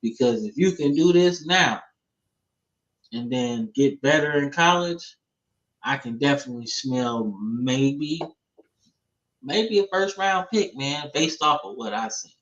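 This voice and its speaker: Man, podcast host, relaxed slangy football talk, dull lo-fi audio. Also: medium pitch, takes it slowly. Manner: laid-back, slangy, says "man" and "bro" a lot. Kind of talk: casual sports talk. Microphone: streaming setup, remote call.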